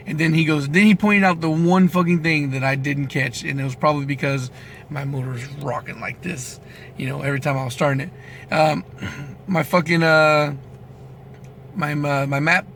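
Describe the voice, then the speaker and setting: A man's voice: fairly high pitch, vocal fry, fairly bright tone, slight background noise. A young man telling a heated story about his work as a mechanic, swearing constantly and restarting his sentences as he goes. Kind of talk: ranting vlog story.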